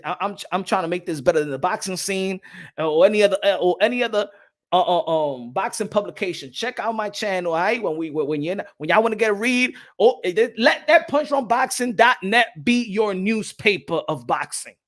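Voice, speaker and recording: A man hosting his boxing channel in a loose, animated rant. His voice is bright and cutting, and he keeps stammering into restarts as the thoughts tumble out. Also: high-pitched, brisk. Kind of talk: casual vlog rant.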